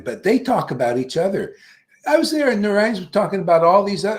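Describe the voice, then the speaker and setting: A man giving an informal devotional lecture as a spiritual teacher, blunt and profane, laughing often, swinging from loud bursts to muttered asides. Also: high voice, animated, fairly quick.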